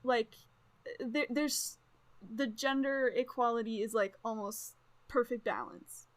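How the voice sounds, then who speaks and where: An excitable woman co-hosting a podcast in loose, casual chat. Her voice sits high, and she rambles from thought to thought with quick laughs. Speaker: podcast co-host.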